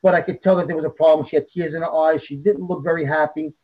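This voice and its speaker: A man, a psychic medium guest telling a story in a blunt, animated way. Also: fairly high pitch, fast, phone-quality sound. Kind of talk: casual storytelling interview.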